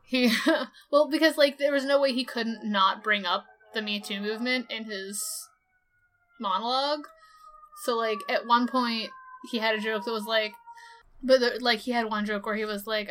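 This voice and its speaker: A young woman talks in loose podcast chat, stringing her thoughts together with constant "like" fillers. Her voice sits somewhat high and sounds bright and clean. She retells stories in a lively, rambling way. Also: moderate pace. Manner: chatty, lots of "like" fillers, animated retelling. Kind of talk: casual chat.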